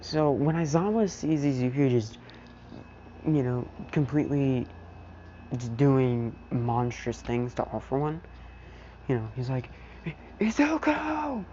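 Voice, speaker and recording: A man's voice: mid-range voice, fairly even intonation, measured pace, pauses often, mellow, dull audio, slight background noise. Rambling young man telling a fan story. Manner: leans heavily on "you know", rambling. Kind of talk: casual improvised story narration.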